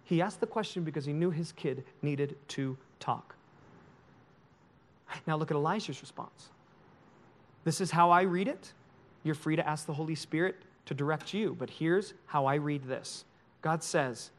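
A male pastor preaching a sermon in an emotional, confessional way, swinging from loud to hushed. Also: a little high, moderate pace.

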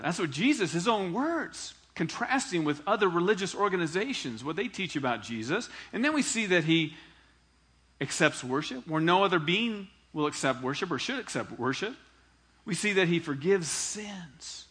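A male pastor delivers a lively sermon with a bright, forceful voice that sits a little high. He preaches in an animated way and acts out the quoted lines. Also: normal speed, slightly rough.

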